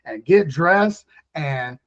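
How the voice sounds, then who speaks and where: A man hosting a casual podcast talk, relaxed and asking reflective questions. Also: a little high, drawn-out words, muffled recording. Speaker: podcast host.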